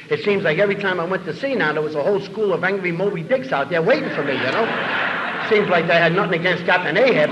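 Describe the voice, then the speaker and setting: Older man, fast-talking storyteller with a slightly high voice, rambling and full of acted-out dialogue, in a reverberant hall. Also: highs cut off. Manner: animated, acts out the dialogue in his story; rambling, with repeated words and fillers. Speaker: speaker telling his recovery story. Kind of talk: personal storytelling to an audience. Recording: echoey hall with faint room noise.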